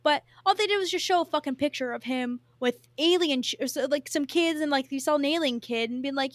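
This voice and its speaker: A woman's voice: high voice, a little fast, few pauses, no room sound. A young woman co-hosting a podcast in casual chat, blunt and sarcastic, swearing freely. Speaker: podcast co-host.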